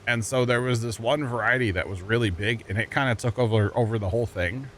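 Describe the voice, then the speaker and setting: An American man livestreams a farming game and chats casually with viewers, rambling, joking, and often laughing at his own puns. His voice is mid-range and fast, with a bit of hiss or hum.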